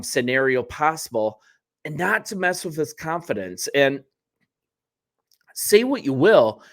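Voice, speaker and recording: A man hosting a sports channel, talking casually to the camera in a chatty, wry way with joking asides and self-corrections. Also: medium pitch.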